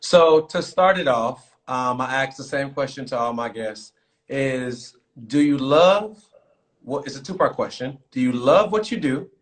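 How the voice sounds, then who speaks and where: A man hosting a casual live-streamed talk show, talking loosely with lots of fillers and shout-outs to viewers. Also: mid-range voice, animated, a little slow. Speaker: podcast host.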